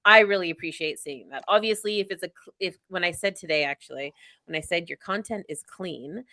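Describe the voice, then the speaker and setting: A woman's voice: fairly low pitch, fairly quick, sharp tone, no echo. A middle-aged woman hosting a podcast, talking in a chatty, effusive way full of "like.". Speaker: podcast host. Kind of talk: casual interview talk.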